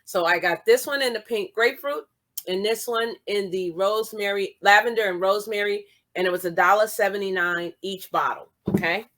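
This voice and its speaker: A chatty woman talks casually through her bargain shopping haul. She reads product labels aloud and repeats each price. Her pitch sits at an ordinary middle level for a woman. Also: moderate pace, a bit bright. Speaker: vlogger showing a shopping haul.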